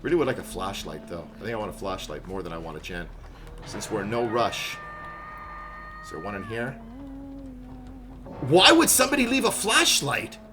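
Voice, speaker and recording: A man's voice: lowish voice, big pitch swings, normal speed, pauses often, over music. A man doing live gameplay commentary, joking and chatting with viewers in rambling asides. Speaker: game streamer.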